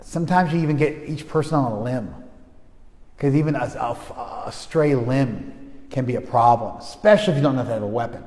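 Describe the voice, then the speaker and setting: A spiritual teacher gives an informal talk to a group, chatting loosely with lots of restarts and frequent checks that his listeners are keeping up. His voice is male, medium-pitched and a little mellow, a touch quick, and it sounds like a big room.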